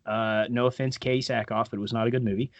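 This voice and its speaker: A man's voice: medium pitch, little pitch movement, fast, no echo, muffled recording. A man co-hosting a podcast, chatting casually with loose, profane joking asides. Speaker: podcast co-host. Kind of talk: casual chat.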